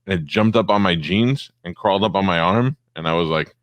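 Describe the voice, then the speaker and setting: Deep deadpan man telling stories. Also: fairly quick, no room sound. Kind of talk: casual chat.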